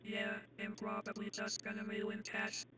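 An offhand speaker in a voice chat who talks in a completely flat tone. Loud noise and typing sit under the voice. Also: medium pitch, normal speed. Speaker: participant in an online voice chat. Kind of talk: casual chat.

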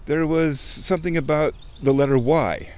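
A man recorded on a handheld mic as he walks outdoors beside a creek, chatting to the camera. He rambles, cuts himself off mid-thought and swears offhandedly. His voice sits at an ordinary middle pitch but swings up high when something delights him. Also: moderate pace. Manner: excitable, self-interrupting, swears casually. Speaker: vlogger. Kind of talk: rambling casual monologue.

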